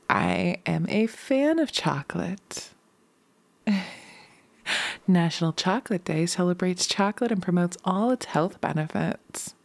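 A woman in casual morning chat, tired and still in her morning voice, chatty and quick to laugh. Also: on the low side, gravelly, a little mellow, no room sound. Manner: chatty, laughs often, drifts into whispers. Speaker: vlogger.

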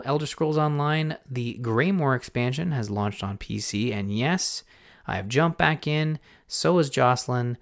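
A man hosting a gaming podcast in a casual, rambling way, often stopping himself mid-thought and getting excited. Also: mid-range voice. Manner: rambling, self-interrupting, excitable. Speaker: podcast host. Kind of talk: casual chat.

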